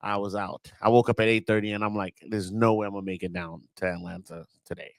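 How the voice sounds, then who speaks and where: A man with a Southern US accent hosts a casual football reaction, ranting as an exasperated, slangy fan and repeating words for emphasis. His lowish voice holds a steady tone at a fast clip, with no echo.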